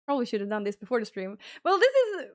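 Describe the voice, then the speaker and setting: High-voiced woman streamer chatting casually. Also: quick pace, no echo, clean studio sound. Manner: chatty, thinks aloud while fiddling with stream settings; bursts into high excited thanks for gifted subs. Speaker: livestream host. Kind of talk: casual live-stream chat.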